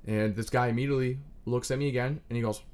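A young man in his twenties, riffing in a crude, self-mocking, scattered comedic monologue with sudden loud outbursts. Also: medium pitch, steady tone, quick pace.

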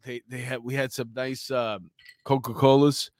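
This man, once a police officer, co-hosts a laid-back conversation and tells anecdotes with plenty of laughter, an animated storyteller. He speaks at a moderate pace in a mid-range voice, with no echo.

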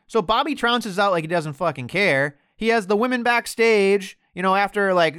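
A man co-hosting a casual podcast, talking animatedly, swearing, and slipping into quick mimicry. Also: high voice, clean tone, no echo, studio quality. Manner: animated, profane, mimics others in quoted bits. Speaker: podcast co-host. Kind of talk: casual wrestling podcast chat.

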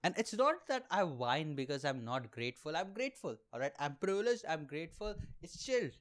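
A man's voice: on the high side, big pitch swings, a little fast. A young man hosting a podcast, doing a rambling, sarcastic comic monologue and laughing at his own jokes. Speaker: podcast host and aspiring comedian.

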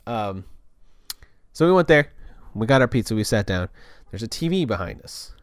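A man's voice: on the low side, very animated, moderate pace, no room sound, clean studio sound. A young man telling a casual story in a loose, rambling way, full of restarts and filler words.

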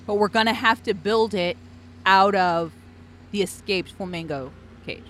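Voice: medium pitch, unhurried, fairly bright tone, close to an everyday voice. An improv performer playing a worried circus manager who speaks in an apologetic way.

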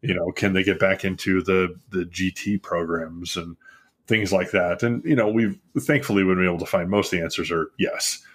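A man's voice: low voice, fairly even intonation, moderate pace, slightly rough. A man and parent talking casually, easygoing and thinking aloud. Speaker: parent discussing schooling. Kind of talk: casual conversation.

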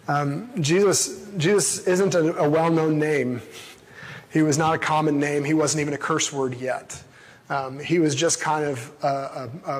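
A man's voice: fairly high pitch, slightly rough. A man preaching a casual, conversational sermon into an amplified microphone, reading a Bible passage and then retelling it in everyday words. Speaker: pastor. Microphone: amplified through a sound system. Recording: long reverb in a large hall.

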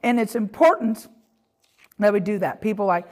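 A woman's voice: mid-range voice, normal speed, a little mellow. A woman teaching a Bible lesson on prayer in a conversational way, with frequent asides and fillers.

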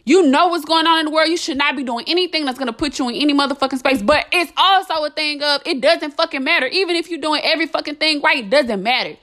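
Blunt high-voiced woman, swearing freely. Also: quick pace, few pauses, sharp tone. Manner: blunt, heavy swearing, emphatic repetition. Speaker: podcast host. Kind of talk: impassioned monologue.

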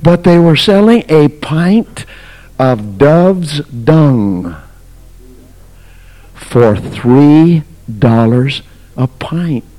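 Dramatic preacher, high and lively. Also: male voice, drawn-out words, pauses often. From United States. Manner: dramatic, swings from shouts to near whispers. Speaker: pastor. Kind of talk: fiery sermon storytelling.

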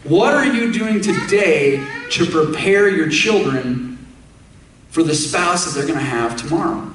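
Male preacher, higher register, emphatic and questioning, recorded from a distance in a reverberant church. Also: expressive, unhurried, fairly bright tone. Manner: emphatic, asks the congregation direct questions. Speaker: pastor. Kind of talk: sermon. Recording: echoey room, speaker away from the mic.

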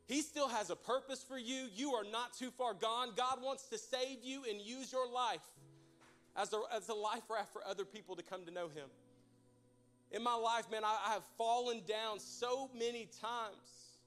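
A man's voice: extremely high pitch, normal speed, a bit bright, faint music behind. A young man preaching a folksy, joking sermon to his church. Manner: folksy, joking, addresses crowd as y'all. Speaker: pastor.

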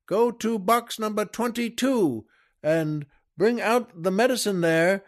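A man's voice: high voice, slow, voice pushed up. A man voicing a sly, unruffled shopkeeper who heals people, polite and smiling. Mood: sly, calm.

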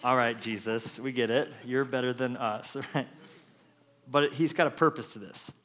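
A man preaching a lively, jokey sermon as pastor, acting out quotes with playful voices. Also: medium pitch, moderate pace.

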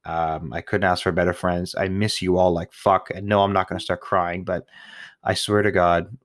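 A man's voice: sits low, level tone, moderate pace, dry recording, studio quality. A young man hosting his first podcast, rambling in casual chat, swearing freely and mocking himself, nervous and full of "um"s and sniffles. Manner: rambling, profane, self-mocking, with fillers and sniffles. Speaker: podcast host.

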